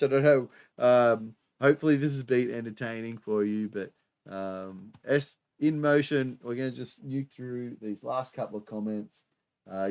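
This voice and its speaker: A man's voice: fairly low pitch, creaky, a little mellow. A man from Australia with an Australian accent, hosting a live stream and chatting casually through viewer comments, with lots of fillers and laughs. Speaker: livestream host.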